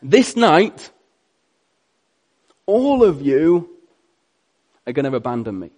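A man voicing a calm, grave adult teacher who speaks low, soft and gentle, retold in a sermon. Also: slow, exaggerated voice. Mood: solemn.

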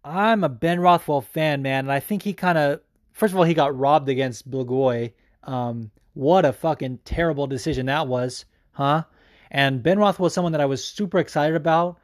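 A man hosting a podcast, talking casually in a rambling, excitable way with plenty of fillers and swearing. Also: fairly high pitch, moderate pace, no echo, clean studio sound. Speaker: podcast host. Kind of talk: casual chat.

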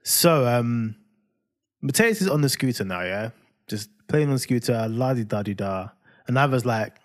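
A man tells a story on a casual podcast. He tells it with animation and jumps up in pitch to act out the voices of the people in it. His voice sits at a middle pitch. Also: lively intonation, moderate pace. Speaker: podcast co-host. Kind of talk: casual chat.

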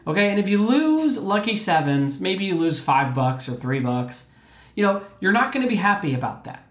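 A man's voice: sits high, very animated, moderate pace, fairly bright tone, roomy sound. A man working as a clinician, giving an informal health talk to shelter residents and keeping in touch with his listeners through repeated check-ins. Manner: conversational, keeps checking in with "right?" and "okay?"; repeats words and restarts often.

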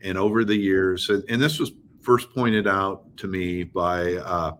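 A man with a fairly low voice talks as a guest in a casual political chat. He speaks in a measured, reflective way with many fillers. Faint noise hums behind him. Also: steady tone, fairly bright tone.

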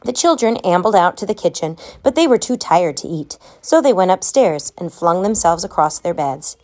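A woman reading a children's storybook aloud, gentle and expressive, giving the children's lines their own voices. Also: fairly low pitch, normal speed.

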